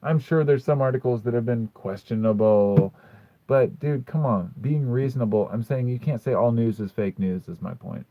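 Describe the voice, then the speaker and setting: A man's voice: mid-range voice, normal speed, dry recording. Guy on a livestream arguing with chat, lots of swearing and dude, dry tinny sound. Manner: blunt, sarcastic, swears a lot; argumentative, frequent "dude". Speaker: livestream host reading chat. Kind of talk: live stream chat, answering comments.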